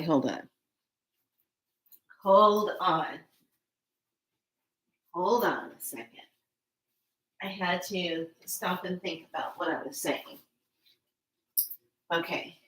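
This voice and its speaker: A middle-aged woman vlogger telling a personal story in a casual, rambling way, often repeating words and starting over. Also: low voice. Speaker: spiritual vlogger.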